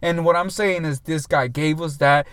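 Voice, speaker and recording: High-pitched guy on a podcast, fired up, swearing nonstop, dry sound. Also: fairly even intonation, normal speed, fairly bright tone, dry recording. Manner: heated, emphatic, swears constantly. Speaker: podcast co-host. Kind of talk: casual podcast chat.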